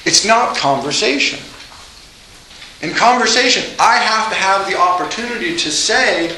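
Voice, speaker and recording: A man giving a classroom lecture, animated, acting out quoted dialogue with laughs. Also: sits high, normal speed. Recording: echoey room with faint noise.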